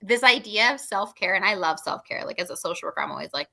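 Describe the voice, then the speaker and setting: Bright-voiced chatty woman. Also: mid-range voice, lively intonation, fast talker, vocal fry. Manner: chatty, lots of "like", laughs easily. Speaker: guest. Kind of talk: casual podcast conversation.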